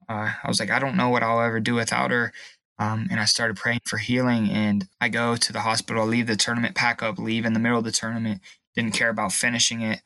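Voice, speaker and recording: A young man sharing a personal testimony in an interview, emotional and halting, at times tearful. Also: medium pitch, flat delivery, vocal fry, pushed and bright, no echo. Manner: emotional, halting, pauses and restarts. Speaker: guest.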